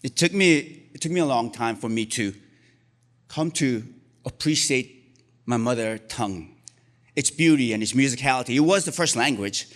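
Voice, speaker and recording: A Korean-born man in his forties tells a true story on stage, his voice sitting at an ordinary middle pitch. He keeps a wry, self-mocking humor running through it, with an easy, unhurried storytelling delivery at a live story slam. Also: lively intonation, fairly bright tone.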